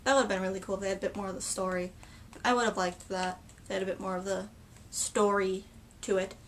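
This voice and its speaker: A woman chatting casually in a film reaction video, excitable and gushing, with many restarts and filler words. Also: medium pitch, a little fast, far from the mic.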